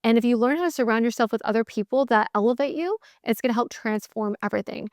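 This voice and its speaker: A woman's voice: a little high, fast talker, dry recording, clean studio sound. A woman host giving a candid, motivational solo talk, emphatic and repeating phrases in bursts. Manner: candid, swears casually. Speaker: sales coach podcast host.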